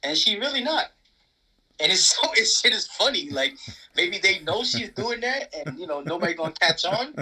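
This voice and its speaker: Animated, husky-voiced man with a bright tone. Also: sits high, moderate pace, low-quality recording. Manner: animated, profane, emphatic. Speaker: podcast co-host. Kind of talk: casual wrestling chat.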